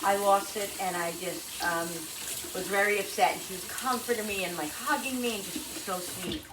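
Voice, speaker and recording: A woman's voice: medium pitch, moderate pace. A middle-aged woman telling a personal story in an emotional, rambling vlog, repeating herself as she goes. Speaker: vlogger. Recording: roomy echo, mic at a distance, noisy.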